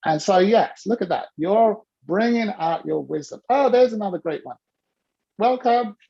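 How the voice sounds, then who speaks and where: A woman hosting a casual video-call workshop, talking in a playful, teasing, animated way. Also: mid-range voice, normal speed, breathy edge, muffled recording. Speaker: host and coach.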